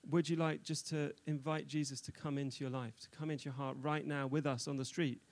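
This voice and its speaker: A man's voice: on the high side, flat delivery, brisk. A man interviewing a new believer on a church stage, encouraging him and restarting his sentences often. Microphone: handheld mic.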